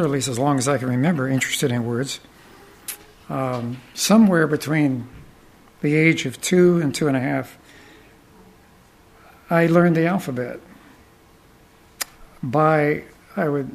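A man telling folksy, rambling anecdotes, pausing often and restarting his sentences as he goes. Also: on the high side, creaky. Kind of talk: anecdotal storytelling talk.

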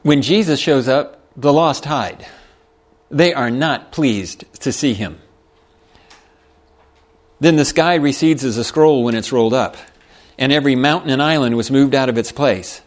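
A man's voice: mid-range voice, measured pace, pauses often. A man preaching a sermon, reading scripture aloud and explaining it in a folksy way with chuckles.

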